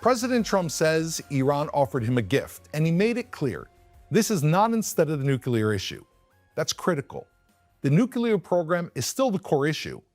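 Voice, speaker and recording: A man's voice: fairly high pitch, big pitch swings, normal speed, dry recording, faint music behind. A male news commentator delivering scripted commentary, emphatic and posing rhetorical questions to viewers.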